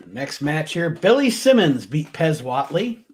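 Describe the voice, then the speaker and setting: A man co-hosting a casual chat, reading out old match results in an unhurried way and chuckling often. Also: a little high, very animated, a little hiss or hum. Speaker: podcast co-host.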